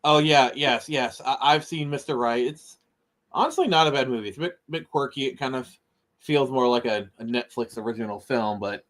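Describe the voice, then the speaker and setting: A man's voice: medium pitch, moderate pace, a bit bright. A man co-hosting a casual live stream, rambling with many fillers and restarts. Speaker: podcast co-host. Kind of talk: casual chat.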